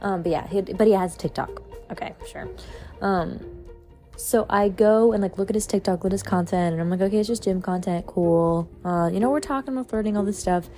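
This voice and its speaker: A woman's voice: medium pitch, a little fast, faint music behind. A young woman telling a dating story in casual talk, exasperated and swearing. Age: young adult. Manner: exasperated, swearing, animated retelling. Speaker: podcast host.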